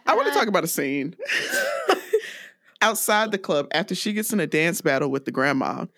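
A woman's voice: on the low side, huge pitch swings, normal speed, a bit bright, no echo, studio quality. A woman from the US South co-hosting a podcast, reviewing a movie in casual chat and laughing often. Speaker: podcast co-host.

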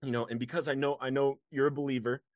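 A man's voice: mid-range voice, quick pace, no room sound. A man as an interview guest, sharing a personal story earnestly and emotionally, breaking into laughs now and then. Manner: earnest, laughs often, animated when reliving moments.

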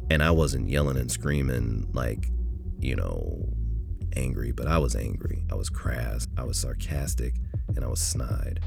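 Middle-aged male podcast host, very low gravelly voice, candid storyteller, music underneath. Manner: reflective, candid, with frequent restarts. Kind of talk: personal storytelling monologue. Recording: music bed playing underneath.

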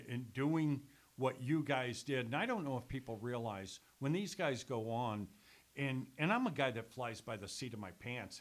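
An older man, a former radio sales executive and sports announcer, telling stories in casual conversation as a lively storyteller who swears casually. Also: medium pitch. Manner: animated storyteller, swears casually, laughs through anecdotes. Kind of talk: casual reminiscing chat.

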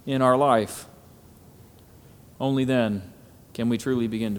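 A man preaching a sermon at a symposium, often pausing on "Amen" and building to emphatic, climbing phrases. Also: medium pitch, a bit bright. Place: hall at a symposium. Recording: echoey hall.

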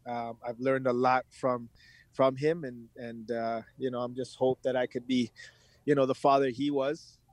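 A man speaking as a podcast guest, reflective and halting, with many restarts, growing animated when he tells stories. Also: mid-range voice, no room sound. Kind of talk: candid conversational interview.

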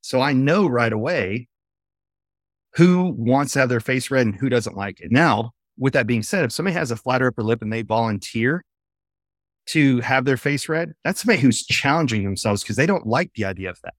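Male podcast guest, eager storyteller, middle pitch, dry sound, video call. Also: fairly quick, no room sound. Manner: animated storyteller, eager and explanatory. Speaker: podcast guest, face-reading trainer. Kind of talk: casual interview chat. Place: home office with a bookshelf.

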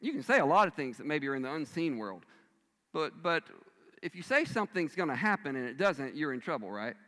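A male pastor preaching a sermon, swinging between loud emphatic bursts and hushed, quiet lines. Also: on the high side, big pitch swings, fairly quick. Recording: long reverb of a large hall.

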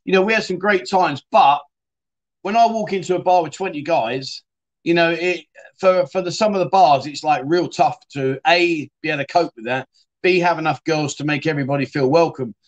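A man's voice: on the high side, normal speed, muffled recording. Chatty man hosting a livestream. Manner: chatty, rambling, says "mate" often. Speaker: livestream host. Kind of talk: casual livestream chat, reading viewer comments.

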